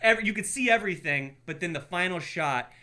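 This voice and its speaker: A man co-hosting a podcast, telling a story in casual chat and acting out shouted quotes. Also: high-pitched, lively intonation, fast. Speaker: podcast co-host.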